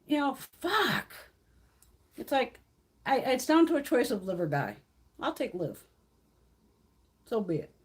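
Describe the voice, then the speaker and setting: A woman's voice: a little high, big pitch swings, measured pace, pauses often, breathy edge. A woman in her fifties hosting a casual beauty livestream, ranting bluntly and profanely and acting out other people's lines. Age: 50s. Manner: acts out others' lines in quoted voices.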